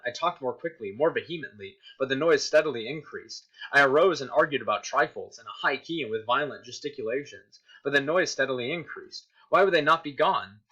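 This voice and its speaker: A man's voice: mid-range voice, breathy edge. A man reading aloud as a frantic, guilt-ridden murderer confessing, in a dramatic story reading. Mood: tense. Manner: dramatic reading, rising to shouts. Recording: dull lo-fi recording.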